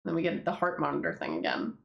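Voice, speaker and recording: A woman's voice: sits low, sing-song, fast talker, gravelly, dull audio. A woman casually commenting as she reads her own comic aloud, rambling, swearing and laughing in asides. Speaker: webtoon creator. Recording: roomy echo.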